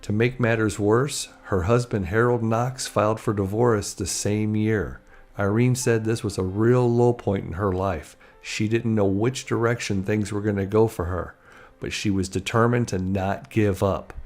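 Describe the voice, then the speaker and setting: A man's voice: fairly low pitch, fairly even intonation, measured pace, a little mellow, soft background music. A man narrating a biography in a chatty storytelling manner. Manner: chatty, acting out quoted lines.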